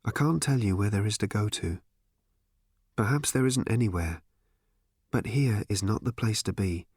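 A man voicing a composed woman journalist who speaks quietly and steadily. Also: lowish voice, moderate pace, breathy edge, no room sound, studio quality. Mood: calm, urgent.

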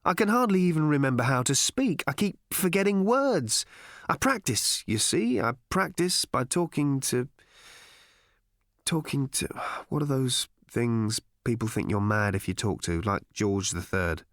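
A man voicing a bewildered, lonely castaway who talks haltingly and rambles. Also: medium pitch, animated, fairly bright tone, no echo, clean studio sound. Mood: rambling.

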